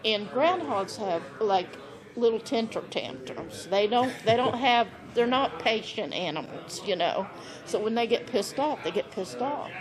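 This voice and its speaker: A woman guest on a podcast, telling a lively anecdote and acting out the scenes she describes, often breaking into laughter. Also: fairly high pitch, unhurried, crowd noise. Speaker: podcast guest, animal wrangler. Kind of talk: casual storytelling.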